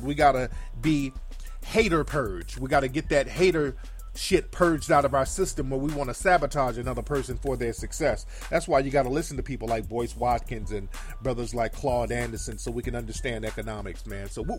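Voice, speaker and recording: A man hosts a call-in livestream show, giving blunt, profane, emphatic commentary and repeating key phrases for force. His medium-pitched voice has lively intonation and moves a little fast over soft background music.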